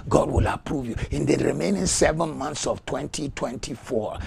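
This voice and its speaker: A male pastor preaching a sermon with rhythmic, repeated declarations and prayer in tongues. He moves between hushed whispers and loud shouts. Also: mid-range voice, animated, moderate pace, creaky, few pauses, slight background noise.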